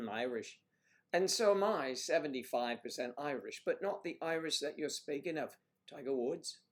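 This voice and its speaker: An American man hosting a casual livestream, rambling and often clearing his throat while he fiddles with the audio. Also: a little high, animated, normal speed. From United States. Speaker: livestream host.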